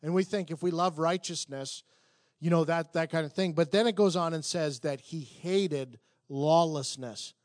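High-voiced man preaching conversationally. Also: no room sound, studio quality. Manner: conversational, halting with restarts, building to emphatic peaks. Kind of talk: sermon with personal story.

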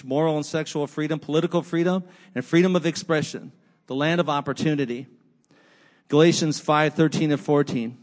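A man preaching a sermon, with repetitive rhetorical lists and casual conversational asides. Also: fairly high pitch. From United States. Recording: long hall reverb.

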